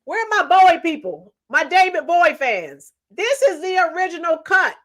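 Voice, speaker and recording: A woman's voice: extremely high pitch, sing-song, normal speed. A woman hosting a casual live stream, chatting with viewers in a strained, tired voice, a teacher who now and then sings song lines. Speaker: livestream host. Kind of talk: casual live chat reading comments.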